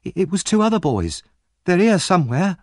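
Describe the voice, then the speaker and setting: A man's voice: sits high, big pitch swings, fairly quick, dry recording, studio quality, voice pushed up. A man doing a frightened young orphan boy. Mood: pleading. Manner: pleading, earnest.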